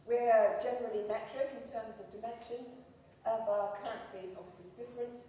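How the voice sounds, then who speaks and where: A woman's voice: fairly high pitch, steady tone, a little fast, mellow. English woman lecturing in an echoey hall. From England. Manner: chatty, self-deprecating, many ums. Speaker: conference speaker. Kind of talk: conference presentation. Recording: echoey hall recorded from far off.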